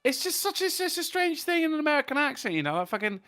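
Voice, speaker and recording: Lively British man, bright voice. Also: very high voice, quick pace, no echo, studio quality. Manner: swearing, joking, bouncy. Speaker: podcast co-host. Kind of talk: casual chat.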